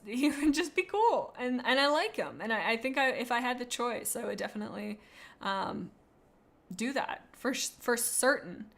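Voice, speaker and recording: A young adult woman streaming, chatting casually in a rambling, excitable way as she gushes about cute animals. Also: on the high side. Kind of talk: casual livestream chat.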